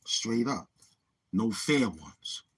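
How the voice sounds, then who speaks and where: A man's voice: lowish voice, animated, very slow, husky. A man with a New York accent hosting a livestream, boasting and taunting his chat in street slang. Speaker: livestream host. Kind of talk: live-stream trash talk.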